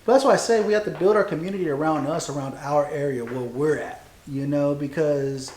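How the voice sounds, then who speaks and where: A man's voice: on the high side, a little fast, a little mellow, a little hiss or hum. A man in his forties hosting a casual podcast chat, rambling in a loose, profane way with lots of fillers. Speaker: podcast host, Marine veteran. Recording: echoey room.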